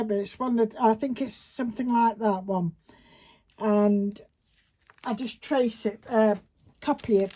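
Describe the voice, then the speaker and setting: A woman's voice: medium pitch, warm tone. A woman chatting casually while she demonstrates a paper craft project, rambling and talking to herself as she works, recorded on a phone camera. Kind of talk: casual craft tutorial chat. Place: indoors at a craft table. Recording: faint background noise with paper crinkling.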